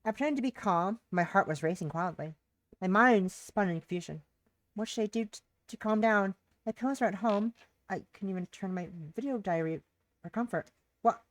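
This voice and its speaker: A woman's voice: mid-range voice, normal speed, no room sound. A young woman streamer, reading a visual novel aloud and chatting with viewers. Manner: reads narration and dialogue aloud, breaks off to chat with viewers. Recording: dry close mic with faint music behind.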